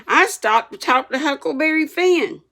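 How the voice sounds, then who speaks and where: A woman doing a cheeky schoolboy, high and loud, brash and defiant, storybook reading. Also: lively intonation, normal speed. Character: bold mischievous young schoolboy.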